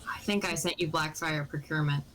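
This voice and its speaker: Woman player, bright tone, casual questions. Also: sits low, fairly even intonation, brisk, slight background noise, low-quality recording. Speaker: tabletop player.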